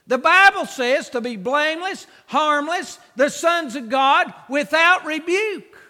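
A man preaching a sermon with emphatic, repeated exhortations that swell into shouts. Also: very high-pitched, animated, slow pace, hardly any pauses, long reverb tail.

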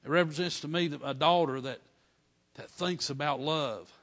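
A middle-aged man, preaching a folksy storytelling sermon with fervent bursts of praise. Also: fairly high pitch. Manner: fervent, building to loud praise shouts; folksy dialect, drawn-out emphasis.

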